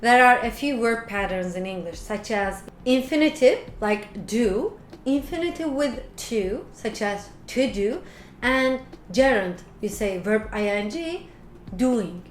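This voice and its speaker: A woman English teacher explaining quiz answers in slow, careful steps. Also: fairly high pitch, animated. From Turkey. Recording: echoey room with faint noise.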